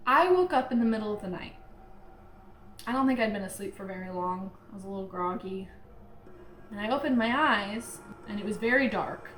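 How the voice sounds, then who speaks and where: A woman's voice: mid-range voice, fairly bright tone, a little hiss or hum. A young woman vlogger telling a true ghost story in a rambling, casual way, full of "like". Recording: echoey room.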